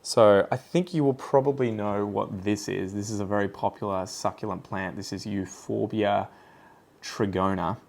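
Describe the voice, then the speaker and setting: An Australian man with a fairly low voice talks in a relaxed, chatty way, wandering from one tangent to the next. He sounds like a plant channel host thinking aloud while he pots plants. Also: normal speed, gravelly. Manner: chatty, rambling, goes off on tangents. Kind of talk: casual chat while potting plants.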